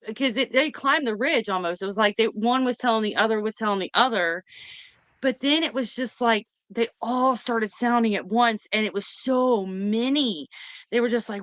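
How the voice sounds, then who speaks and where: Excited woman retelling a story. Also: a little high, no room sound. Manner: excited, rambling, quick retelling. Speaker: host. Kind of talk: casual storytelling chat.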